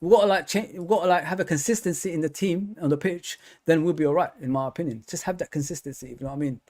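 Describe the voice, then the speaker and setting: A man's voice: on the high side, fast, darkish tone. A man hosting a live football review stream for his fan channel. He talks casually and chattily, with lots of fillers and repeated words.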